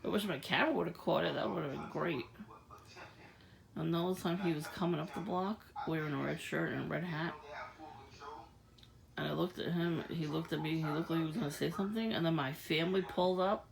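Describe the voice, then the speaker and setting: A low, gravelly woman's voice runs through a loose, rambling monologue, breaking into laughter again and again. Crowd noise murmurs behind her. It sounds like a casual recording made outdoors at night. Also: a little fast, rough recording. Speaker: vlogger.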